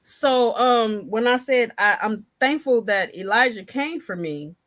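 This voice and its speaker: A woman's voice: on the high side, expressive, a little slow, a bit bright. A woman joining a talk show over a video call, speaking earnestly and reflectively about faith. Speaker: guest. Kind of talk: casual chat.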